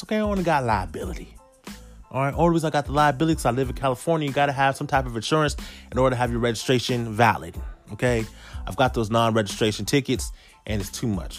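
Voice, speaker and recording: A man in his thirties with a mid-range voice tells a casual story directly to his viewers. He's animated, piles up rhetorical questions, and curses casually.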